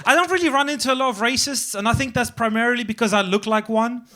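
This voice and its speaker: A man's voice: very high voice, quick pace, background noise. A young man performing a stand-up comedy set on a club stage, telling stories and acting out the people in them. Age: young adult. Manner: animated storytelling, acts out quoted voices.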